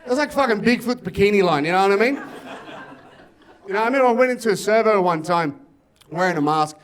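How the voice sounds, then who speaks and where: Aussie bloke doing stand-up, high voice, brash and sweary. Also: male voice, lively intonation. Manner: brash, quick storytelling, shouted punchlines. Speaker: stand-up comedian. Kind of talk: stand-up set.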